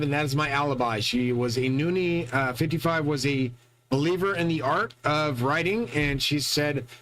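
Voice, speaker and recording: A man with a fairly high voice talks on his own in a long, rambling monologue. He is boastful and profane, and he stumbles through restarts as he goes. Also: fairly bright tone, low-quality recording. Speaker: channel host.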